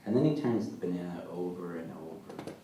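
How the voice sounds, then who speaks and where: A man as an author at a live literary reading, telling his story in a dry, deadpan way, recorded from far off in a large hall. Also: deep voice, a little fast. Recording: echoey hall, mic far off, faint noise.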